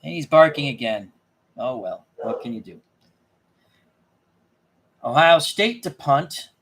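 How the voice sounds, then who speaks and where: A man's voice: mid-range voice, animated, slow, a bit bright, a little hiss or hum. A man casually thinking aloud as he plays a tabletop dice game, often muttering and correcting himself. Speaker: tabletop game player and channel host.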